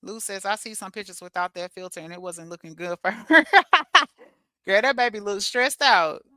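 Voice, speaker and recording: Brief: woman streamer reacting to chat, crude and loud-laughing, with a smooth, crisp tone. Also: mid-range voice, normal speed, dry recording. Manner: blunt, profane, laughs loudly at her own jokes. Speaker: livestream host reading chat comments. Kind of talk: casual livestream chat.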